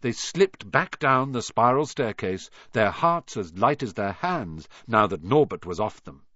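A man reading a story aloud in an expressive, lively way. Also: fairly low pitch, a little slow, no echo. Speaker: reader. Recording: dull dry recording.

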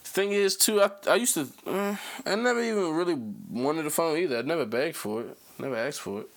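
A young man hosting a podcast in casual chat, animated, his voice jumping up when he gets excited and settling low when relaxed. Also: brisk, vocal fry. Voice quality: low laid-back talking voice. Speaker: podcast host.

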